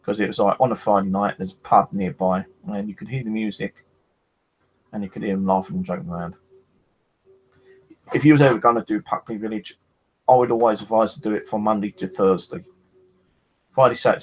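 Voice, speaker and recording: A man's voice: on the low side, low-quality recording. A man with a rambling, casual way of telling his paranormal experiences, swearing freely and filling gaps with "you know". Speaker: paranormal investigator. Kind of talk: casual storytelling.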